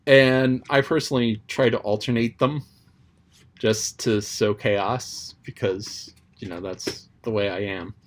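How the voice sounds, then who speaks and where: A man with a fairly low voice and fairly even intonation reflects, unhurried, on a chapter he read aloud. It's casual, meandering talk with frequent ums and restarts, plus occasional playful quoted voices.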